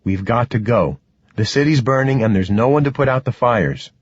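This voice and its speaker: A man reading an audiobook voices a calm, protective undead man who speaks matter-of-factly. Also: medium pitch, moderate pace, slightly rough, no echo. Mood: steady. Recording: dull, dry, slightly muffled.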